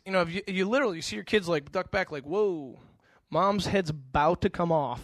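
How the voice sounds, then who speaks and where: A middle-aged man preaching in a casual, storytelling way, his voice high and bright. He stumbles over repeated words as he goes, animated and engaged. The sound is close and dry. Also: no room sound. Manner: animated storytelling, with frequent stammered restarts. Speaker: pastor. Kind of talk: conversational sermon.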